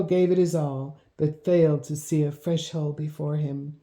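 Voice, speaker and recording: Low, mellow woman reading a storybook. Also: fairly even intonation, normal speed. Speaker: audiobook narrator. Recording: roomy echo.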